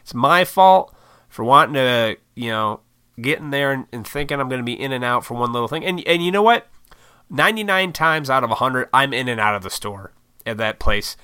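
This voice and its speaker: A man's voice: medium pitch, animated, a little fast, bright, forceful tone, smooth, no room sound, clean studio sound. A man telling a rambling, swear-heavy story to the camera, poking fun at his own impatience. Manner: rambling, profane, self-deprecating. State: short on sleep. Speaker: vlogger. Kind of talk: casual storytelling monologue.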